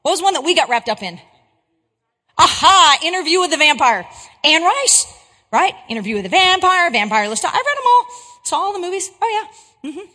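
A woman giving a Christian talk to an audience, an English teacher and animated storyteller who keeps checking in with her listeners. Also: very high voice, a little fast, big-room sound.

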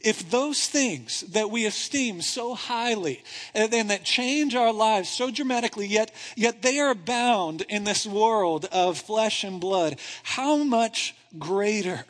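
A man preaching a sermon as pastor, chatty and animated, tossing rhetorical questions to the congregation. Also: high voice, slow. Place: church sanctuary. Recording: reverberant hall.

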